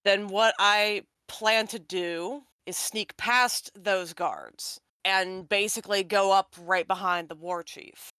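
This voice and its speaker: A woman's voice: medium pitch, slow, few pauses, bright, forceful tone, clear, resonant tone, no room sound. A woman playing in a tabletop game, asking direct questions and stating her character's moves. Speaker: player.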